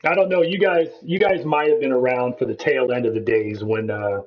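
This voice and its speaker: A man's voice: mid-range voice, a little fast, highs cut off. A man chatting casually and teasing others on a sim racing broadcast, laughing often.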